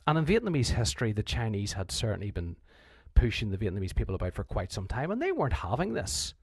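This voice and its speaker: A man's voice: fairly low pitch, huge pitch swings, fast talker, slightly rough, no echo. A man with a Northern Irish accent, a history teacher giving a conversational revision lecture who often restarts his sentences and acts out quotes.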